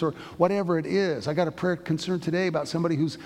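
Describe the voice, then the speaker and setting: A man's voice: high-pitched, fairly even intonation, fast, hardly any pauses, a little mellow. A middle-aged man preaching a sermon as a pastor, telling stories in a conversational way with frequent restarts. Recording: long hall reverb.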